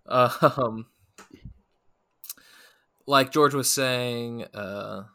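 A man co-hosting a casual movie review podcast, talking in a relaxed, halting way with many fillers. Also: medium pitch, creaky, no room sound. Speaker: podcast co-host.

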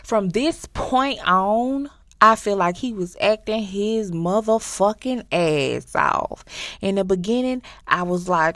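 A woman hosting a podcast, telling a TV plot in a casual, animated and profane way, acting out the characters' lines. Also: mid-range voice, slow, dry recording, clean studio sound. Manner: animated, profane storytelling with acted-out quotes. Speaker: podcast host. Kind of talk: casual recap of a TV series.

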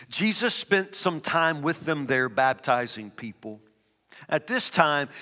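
A man's voice: medium pitch, sharp tone. A man preaching a sermon, reading scripture aloud and then building to emphatic, rising preaching. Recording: reverberant hall.

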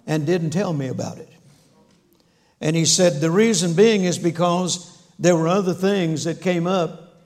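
A man's voice: fairly high pitch, vocal fry, a little mellow. A man preaching a sermon, telling a story with folksy humor and acting out the dialogue. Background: audience laughter.

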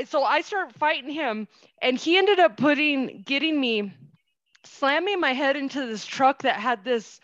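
A woman in her forties with a high voice, telling her stories with animated back-and-forth. The recording is dry and a little dull. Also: no echo. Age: 40s. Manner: animated storytelling with quoted exchanges. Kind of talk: casual conversation. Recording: dull lo-fi sound.

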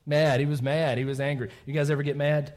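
A man's voice: on the high side, quick pace. A man giving a children's sermon at church, asking the kids questions and checking in with "right?" after his points. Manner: animated, asks kids questions, tags lines with "right?". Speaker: pastor giving a children's message.

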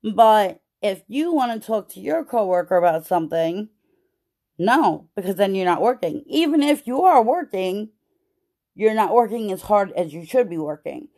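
A woman podcast host venting about her job in a casual, profane, animated way, with many "like"s. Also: medium pitch, moderate pace. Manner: profane, animated storytelling with lots of "like".

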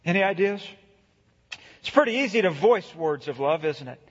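A middle-aged man preaching a sermon, earnest, slowing down to read scripture and building emphasis. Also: high-pitched, expressive, slightly rough. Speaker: pastor. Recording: echoey hall, dull lo-fi sound.

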